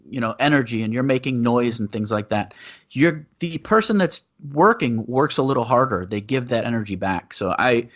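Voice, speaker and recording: A man's voice: mid-range voice, a bit bright. Man, podcast co-host, Muay Thai coach. Rambling, easygoing talk with frequent laughs. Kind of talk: casual chat. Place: living in Thailand.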